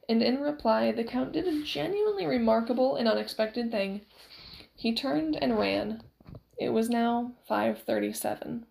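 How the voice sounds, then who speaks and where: A woman narrating a novel aloud in a measured, steady storytelling way. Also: a little high, creaky. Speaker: audiobook narrator.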